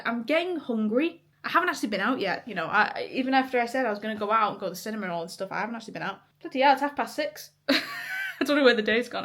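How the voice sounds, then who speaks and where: A woman's voice: medium pitch, a bit bright. Chatty woman vlogging. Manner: chatty, swears casually, laughs often. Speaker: vlogger and musician. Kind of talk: casual vlog chat to camera.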